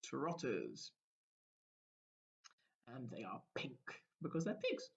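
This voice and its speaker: A male primary school teacher talks young children through a story lesson, explaining gently and pausing to ask them questions. His voice sits a little high and carries a gravelly edge. The recording sounds dull and lo-fi. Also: expressive.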